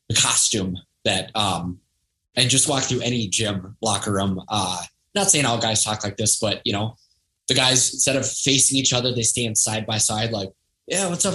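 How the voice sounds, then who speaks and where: On a rough recording, a man in his thirties with a sharp, mid-range voice appears as a podcast guest. His casual, reflective storytelling about his own life includes acted-out quoted voices.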